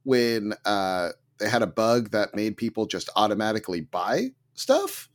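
A man co-hosting a casual gaming podcast, talking with big excited swings in his voice. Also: unhurried. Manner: animated, swings pitch sharply when excited. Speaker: podcast co-host. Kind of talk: casual chat.

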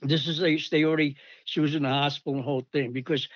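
An older man rambles through old army stories and animatedly acts out the people he quotes. His voice sits a touch high. The recording is dull and dry. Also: fairly even intonation, racing, no echo. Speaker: storyteller recalling army days. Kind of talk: casual anecdote.

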